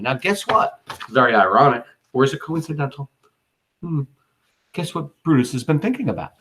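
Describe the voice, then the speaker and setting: A male teacher talking through a classic play in plain, informal language, dropping slang asides as he goes. His pitch swings widely, which keeps his explanations animated. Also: brisk, a little hiss or hum. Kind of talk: casual explanatory lesson on a play.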